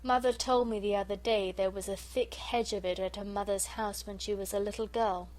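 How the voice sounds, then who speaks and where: A woman's voice: mid-range voice, fairly even intonation, a little fast, darkish tone, close to an everyday voice. Bobby, a woman voicing an earnest young girl. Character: eager bright girl, the eldest sister.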